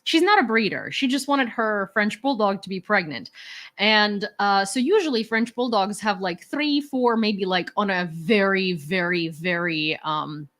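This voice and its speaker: A Ukrainian woman hosts a casual livestream from home, chatting with viewers in an ironic, rambling way full of fillers and restarts. Her medium-pitched voice is fairly bright, a little slow, with lively intonation.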